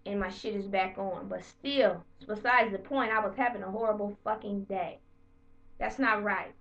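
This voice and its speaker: A woman vlogger telling the story of her bad day to camera in a heated, profane, animated way. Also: mid-range voice, moderate pace, distant mic, dull audio. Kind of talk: casual storytelling rant to camera.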